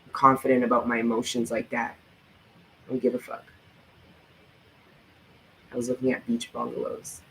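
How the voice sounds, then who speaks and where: Male tarot vlogger, mid-pitched, intense and profane, hammering his encouragement home over faint ambient noise. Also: completely flat delivery, moderate pace, vocal fry, long pauses, bright, forceful tone, low-quality recording. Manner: emphatic, profane motivational talk; repetitive, fervent encouragement. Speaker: tarot reader. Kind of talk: tarot reading vlog.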